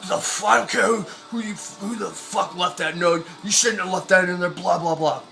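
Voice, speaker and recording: Man putting on an angry, cussing guy, gravelly and a touch high, louder and sharper than his own voice. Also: moderate pace, faint music behind. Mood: angry, hostile. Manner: shouting, profane, hostile. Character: aggressive hostile adult man neighbor, swearing.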